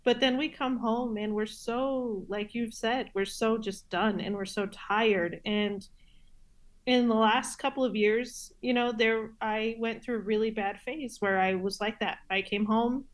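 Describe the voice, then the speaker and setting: A woman's voice: on the high side, steady tone, a little slow. A woman hosting a podcast interview, speaking in a supportive, reassuring, affirming way. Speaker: podcast host. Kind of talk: conversational interview.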